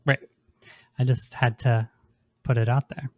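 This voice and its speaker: Man, casual podcast chat, slow pace, supportive, short replies, dry sound. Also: mid-range voice, little pitch movement, no room sound. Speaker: podcast co-host.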